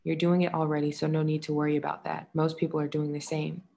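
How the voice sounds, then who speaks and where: Woman reading a book out loud, super low flat voice, reads out the quote marks. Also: fast, vocal fry. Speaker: audiobook reader.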